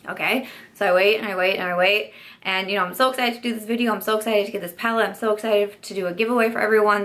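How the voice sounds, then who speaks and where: A woman's voice: mid-range voice, a bit bright. A young woman beauty YouTuber telling a chatty story-time vlog, full of "like" and "you know" fillers.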